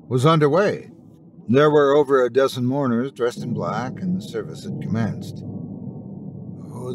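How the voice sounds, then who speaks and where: A man hosting and narrating a horror story in a theatrical, drawn-out manner. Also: medium pitch. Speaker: host and narrator. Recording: noisy recording.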